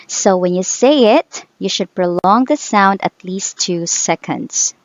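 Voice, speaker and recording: A woman leads an English pronunciation lesson at a very slow, deliberate pace, saying each example word twice. The recording is dry and a little dull. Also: mid-range voice, lively intonation, dry recording.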